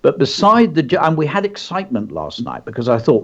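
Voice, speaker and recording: A show host with a medium-pitched voice talks fairly quickly and barely pauses, and the high frequencies are cut off in the recording. He's chatty and animated, sharing anecdotes and reading aloud a short story he wrote himself, slipping into character voices along the way.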